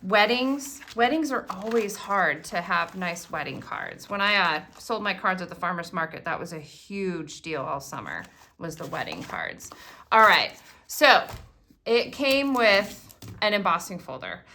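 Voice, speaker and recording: A woman's voice: on the low side, very animated, a little slow, bright, forceful tone, a little hiss or hum. A middle-aged woman in a casual unboxing vlog, gushing and exclaiming over each craft item she shows. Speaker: craft product demonstrator.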